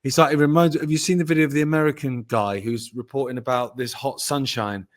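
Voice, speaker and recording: A man chatting on a podcast in casual banter. He tells stories with jokes, swears freely and breaks into laughter. His voice sits in a middle pitch. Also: fairly even intonation, quick pace. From Britain. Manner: jokey, swearing, laughs while telling stories. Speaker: co-host.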